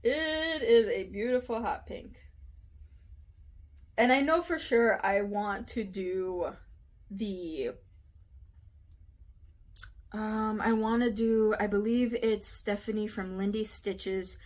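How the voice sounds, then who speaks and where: A woman's voice: medium pitch, slow, long pauses. Chatty American woman vlogger. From United States. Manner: chatty, giggly, lots of fillers. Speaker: cross-stitch vlogger. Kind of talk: casual chat to camera.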